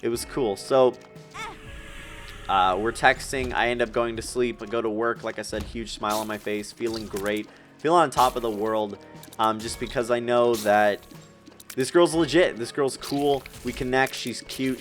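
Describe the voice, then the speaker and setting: Rambling eighteen-year-old man, lowish voice. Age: young adult. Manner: rambling, emotional, tearing up with nervous laughs. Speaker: streamer telling a personal story. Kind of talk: casual storytelling while gaming.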